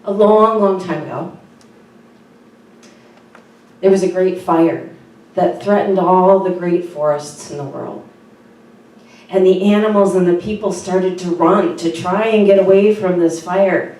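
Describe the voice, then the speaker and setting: A woman's voice: fairly low pitch, a little slow, long pauses. Woman pastor, conversational sermon, church sanctuary, far from the mic, strong echo. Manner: earnest, conversational, with soft fillers. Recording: very echoey room from far off.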